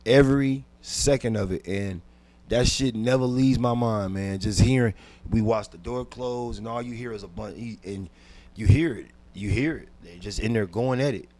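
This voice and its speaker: A man, a comedian guest on a podcast, telling a personal story intensely and dropping from hushed to loud, with frequent repeats and restarts. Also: on the low side, normal speed. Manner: repeats words and restarts while recounting.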